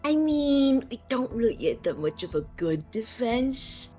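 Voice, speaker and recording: A woman's voice: fairly high pitch, very animated, measured pace, dark tone, soft background music. A woman playing a tabletop game, talking casually in a laid-back way with frequent laughter. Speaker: player.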